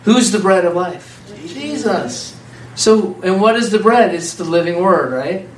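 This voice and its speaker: A man preaching an informal, conversational sermon, animated and laughing often as a small group answers him. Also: high-pitched, unhurried, slight background noise. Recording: echoey room from far off.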